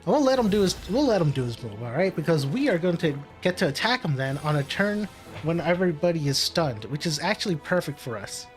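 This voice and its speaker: Man, gameplay commentary, slightly high voice, chatty, mutters through moves, faint game music behind. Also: very animated, brisk. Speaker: gaming commentator. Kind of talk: casual let's-play commentary.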